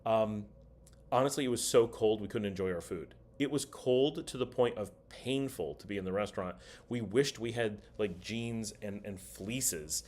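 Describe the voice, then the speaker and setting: A man's voice: lowish voice, moderate pace, a little mellow. A middle-aged man hosting a casual livestream, chatting and reading viewer comments aloud. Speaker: livestream host.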